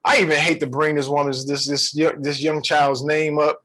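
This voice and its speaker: A male podcast co-host with a high voice, talking about relationships. His delivery is animated and playful. He often slips into quick comic voices. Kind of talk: casual relationship chat.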